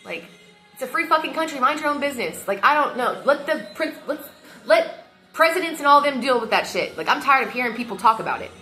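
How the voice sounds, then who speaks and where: A woman's voice: high voice, lively intonation, fairly quick, sharp tone, soft background music. A woman venting heatedly into her phone camera, swearing often as she talks. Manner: heated and emotional, frequent swearing. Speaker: vlogger. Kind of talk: casual rant to camera.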